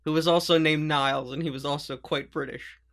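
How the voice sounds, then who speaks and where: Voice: medium pitch, fairly even intonation, a little fast, a bit bright, dry recording, clean studio sound. A podcast co-host in casual chat, wry, sarcastic and stubborn.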